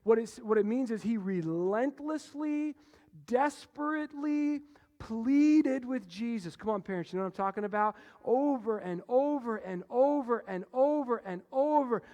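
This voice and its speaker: A man preaching a sermon as pastor, animated, moving between loud emphasis and hushed low passages. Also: normal speed. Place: church sanctuary. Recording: long reverb of a church hall.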